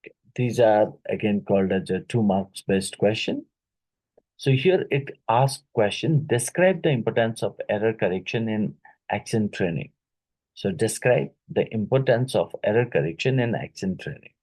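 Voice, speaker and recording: A man teaching an exam-prep lesson, reading each question twice and pausing with fillers and "right?" tag questions. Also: lowish voice, animated, darkish tone, breathy edge, rough recording. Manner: halting, with many fillers and "right?" tags; repeats each question aloud.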